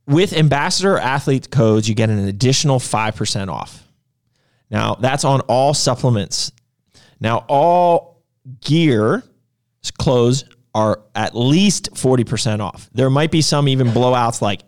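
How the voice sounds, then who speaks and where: A young man chatting loosely about store deals, drifting from one sale to the next. His voice sits in an ordinary middle pitch. He restarts sentences and goes off on small tangents along the way. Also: lively intonation, unhurried. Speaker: gym owner and supplement shop host. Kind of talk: casual promotional chat.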